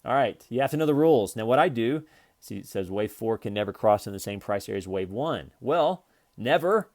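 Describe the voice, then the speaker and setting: A man's voice: on the low side, quick pace, darkish tone. A man giving a casual, jokey trading lesson over his screen, rambling with fillers and restarts. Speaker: trading instructor.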